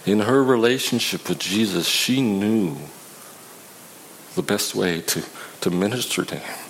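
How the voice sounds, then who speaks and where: A man with a lowish voice delivering a sermon in a conversational, unpolished way. He often stops and restarts mid-sentence. A faint hiss sits under the recording. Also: unhurried, rough recording. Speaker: preacher.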